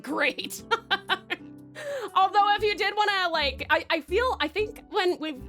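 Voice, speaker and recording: A woman's voice: extremely high pitch, unhurried, pushed and bright, soft background music. A young woman streamer chatting casually as she reads viewer comments, laughing often and talking with lots of fillers. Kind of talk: casual live-stream chat, reading comments.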